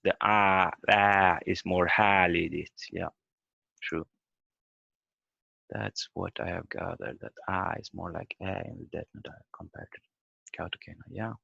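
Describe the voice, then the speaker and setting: A man teaching a language lesson over a video call, explaining step by step with halting fillers. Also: fairly low pitch, vocal fry, a bit bright, no room sound. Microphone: computer mic on a video call. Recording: dull lo-fi video call audio.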